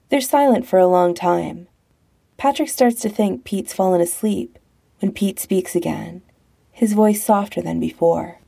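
A woman narrating a romance story as an audiobook in a calm, measured way. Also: fairly low pitch, gravelly.

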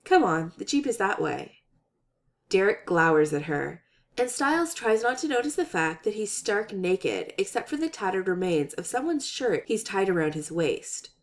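A woman reading a comic story aloud with expressive, animated narration. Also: medium pitch, normal speed. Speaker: story reader. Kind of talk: reading fan fiction aloud.

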